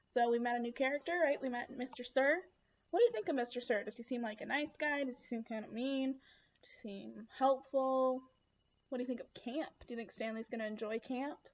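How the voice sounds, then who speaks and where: A woman reads a chapter book aloud for children, with a slightly high voice. She stops to ask her listeners simple questions. The recording sounds dull and lo-fi. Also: brisk. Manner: asks listeners gentle questions.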